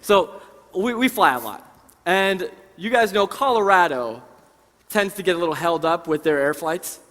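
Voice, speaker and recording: A man presenting a live seminar, telling animated stories to an audience in a large conference hall. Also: high-pitched, normal speed. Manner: animated, conversational storytelling to an audience.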